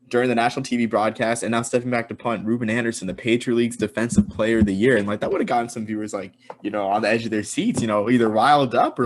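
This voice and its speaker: A young man hosting a casual sports podcast, rambling with many fillers and restarts. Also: on the low side. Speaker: podcast host.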